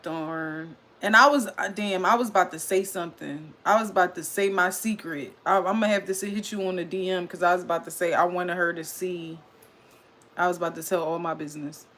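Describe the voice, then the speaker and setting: A woman hosting a casual livestream recap, chatting loudly and excitedly with her chat and reading their comments aloud. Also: lowish voice, fairly quick.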